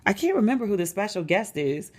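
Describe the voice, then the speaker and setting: A woman's voice: mid-range voice, big pitch swings, quick pace. A middle-aged American woman hosting a podcast, chatting casually and acting out the people in her stories. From United States. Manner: chatty storytelling, acts out quoted people in a raised voice. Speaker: podcast host. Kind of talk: casual chat.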